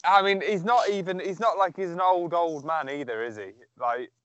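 A man's voice: on the high side, normal speed, dull audio, crowd noise. A man co-hosting a podcast in casual chat, playful and teasing, stammering now and then. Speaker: podcast co-host.

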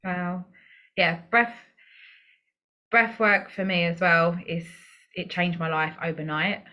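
A woman hosts a podcast interview in a casual, reflective tone. Her voice is on the low side for a woman. She encourages her guest as she shares her own experience. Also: fairly even intonation, takes it slowly, sharp tone, dull audio. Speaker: podcast host.

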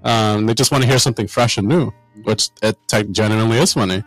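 A man's voice: lowish voice, quick pace, no echo, soft background music, low-quality recording. Blunt, swearing man, dry sound. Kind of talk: casual group chat.

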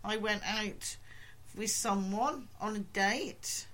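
An older woman, hosting a podcast as casual chat, telling stories with a dry, deadpan humour. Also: medium pitch, slow. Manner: dry, deadpan storytelling with comic asides. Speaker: podcast host.

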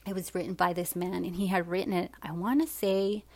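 A woman in her forties tells her own story with frank, unpolished candor, cursing freely and leaning on fillers. Her voice sits low with a gravelly edge, and her delivery stays fairly level in pitch. The sound is dry and close. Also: fairly even intonation, a little fast, a little mellow, no room sound. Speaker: personal storyteller. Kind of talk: candid personal storytelling.

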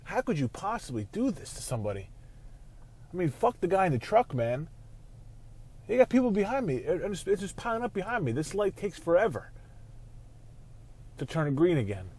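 A man hosting a casual sports talk show from his car while driving, ranting and swearing, quick to flare into angry outbursts. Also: high voice, big pitch swings, darkish tone, breathy edge. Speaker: show host.

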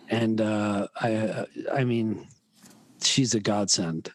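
A man's voice: lowish voice, steady tone, slow pace, no echo. A man talking in a casual podcast chat, rambling with many restarts as he describes his week. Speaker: podcast guest.

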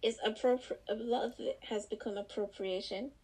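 A woman's voice: a little high, steady tone, moderate pace, warm tone, low-quality recording. A young woman from Southern Africa in casual chat, co-hosting a podcast, often searching for words and restarting her phrases.

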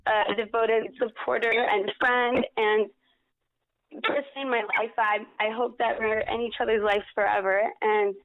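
A woman's voice: a little high, little pitch movement, a little slow, narrow, tinny audio. A woman guest on a podcast interview, talking casually in a gushing, emotional way and repeating herself.

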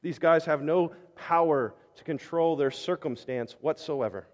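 A male pastor preaches in a church sanctuary, his voice a touch high. He tells the scripture story dramatically, crying out the disciples' words before dropping to quiet reflection. A long reverb trails each phrase. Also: unhurried. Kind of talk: sermon.

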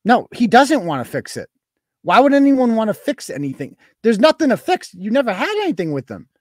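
Man, live-stream host, sarcastic, swearing, very lively pitch, dry close sound. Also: brisk, no echo. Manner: profane, sarcastic, animated. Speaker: show host.

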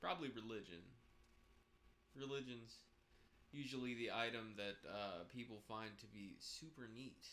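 A man co-hosting a casual podcast, cracking sarcastic deadpan jokes with sudden outbursts. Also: mid-range voice, normal speed, a little hiss or hum. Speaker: podcast co-host.

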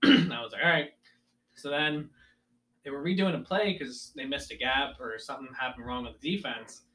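A man's voice: mid-range voice, normal speed. A young man casually telling a story from his school sports days and acting out his coaches' lines. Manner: animated storyteller, acts out coaches yelling.

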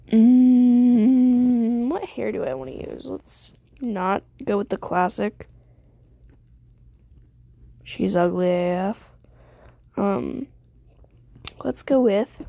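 A woman's voice: medium pitch, vocal fry, warm tone, no echo. A young woman streamer giving rambling, self-deprecating casual commentary while she plays a game.

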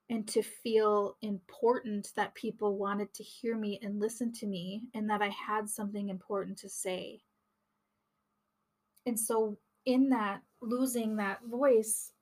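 Podcast host, female, reflective personal monologue, unhurried and level delivery. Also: medium pitch. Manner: earnest, reflective, with frequent restarts and fillers.

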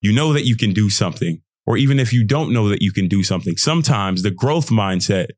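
Young guy doing a pep-talk podcast, kinda low voice, dry room, goes squeaky when he mocks people. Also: fast talker, no echo. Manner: animated, swings into high mocking voices when quoting; casual slangy talk, laughs often. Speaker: podcast host. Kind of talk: motivational solo podcast. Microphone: podcast setup.

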